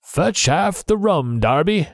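A man doing a high trembling ghost voice. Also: expressive, takes it slowly, no room sound, clean studio sound, heavily acted. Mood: eerie. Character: eerie ghostly male voice singing from afar.

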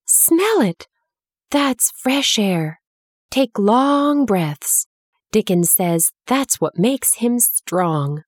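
Bold storybook girl, high-voiced and eager, read by a woman. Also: big pitch swings, takes it slowly, hardly any pauses, a little mellow, no echo, studio quality. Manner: eager, exclaiming. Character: spirited, bold young girl.

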